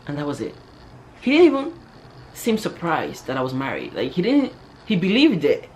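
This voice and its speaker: Chatty, animated young woman telling a story. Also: sits low, normal speed, slight background noise. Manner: animated, chatty, heavy use of "like" and "yo". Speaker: vlogger. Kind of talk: casual storytelling to camera.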